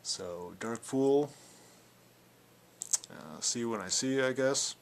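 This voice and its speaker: A man's voice: medium pitch, slow pace, gravelly. A young man talking casually in a video blog response, rambling and defiant, with plenty of filler words. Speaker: video blogger.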